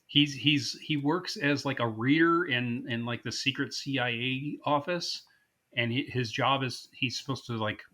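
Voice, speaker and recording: A man co-hosting a podcast in casual chat, animated and quick to act out movie lines in put-on voices. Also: medium pitch. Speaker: podcast co-host.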